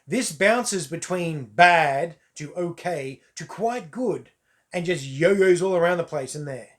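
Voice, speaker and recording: A man's voice: a little high, animated, takes it slowly. A man giving a casual, wry and candid spoken review of a movie on camera. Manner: wry, candid, offhand asides. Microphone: camera mic.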